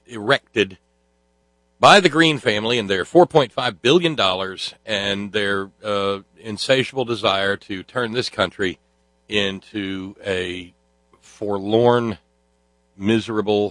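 Sardonic halting male talk host. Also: lowish voice, a bit bright, no echo. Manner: sardonic, halting with many fillers and restarts. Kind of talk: opinionated talk show monologue.

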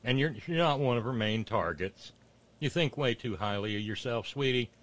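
A man's voice: medium pitch, lively intonation, normal speed, fairly bright tone. A man hosting political commentary, mocking clips with sarcastic asides and rising rants.

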